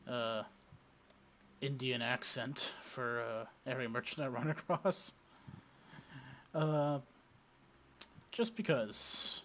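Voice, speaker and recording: A man's voice: mid-range voice, sharp tone, a little hiss or hum. A man with a Welsh accent giving wry, offhand commentary while playing a video game. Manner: wry, offhand, mumbling asides. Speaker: let's play host.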